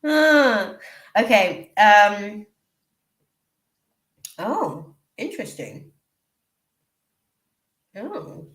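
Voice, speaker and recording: A woman reading tarot on a live stream talks slowly and unhurriedly in a fairly low voice. She is chatty and emotional and keeps drifting off to react to the chat. The room around her sounds echoey. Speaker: tarot reader.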